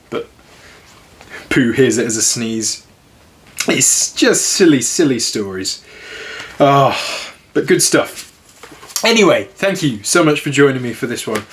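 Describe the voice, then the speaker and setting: A man with a mid-pitched voice reading a children's storybook in a relaxed, unhurried way. His manner is soft and friendly, and he moves easily between narration and casual comments. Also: a little hiss or hum. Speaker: storybook reader.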